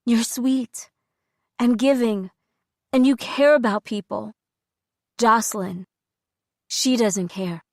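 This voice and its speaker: Brief: a woman doing a soft, steady caretaker, slow and soothing, dry studio read. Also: a little high, no echo. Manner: soothing, measured, firm. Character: calm, soothing middle-aged female caretaker. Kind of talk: audiobook character voice.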